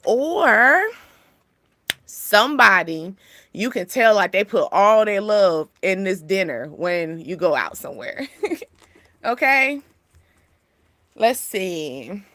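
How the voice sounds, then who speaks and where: A young woman hosting a casual spiritual reading, chatty and animated, laughing often. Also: medium pitch, dry recording. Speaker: spiritual channel host giving a reading.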